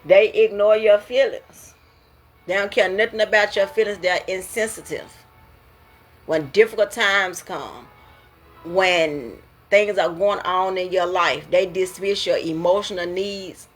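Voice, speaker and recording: Husky-voiced woman talking straight. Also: medium pitch, a little slow, soft background music. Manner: preachy, laughing, conversational. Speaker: host. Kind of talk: casual talk on emotions.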